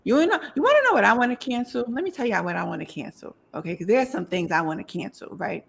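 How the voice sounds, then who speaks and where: A woman's voice: on the high side, big pitch swings, quick pace, gravelly, breathy edge. A middle-aged woman hosting a podcast, talking emphatically and repeating her points, with frequent laughs. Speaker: podcast host. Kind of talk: casual podcast chat.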